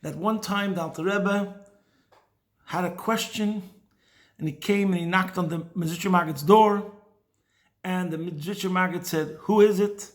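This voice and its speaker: Man, high voice, religious teacher, weekly talk, lively storytelling, Hebrew and Yiddish terms. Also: normal speed, pauses often. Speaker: teacher of Chassidic thought.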